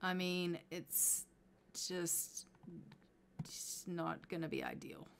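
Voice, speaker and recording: A woman's voice: fairly low pitch, wildly swooping pitch, takes it slowly, creaky, slight background noise. A woman casually commenting on her life-sim gameplay, chatting to her characters as she plays. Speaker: gameplay streamer.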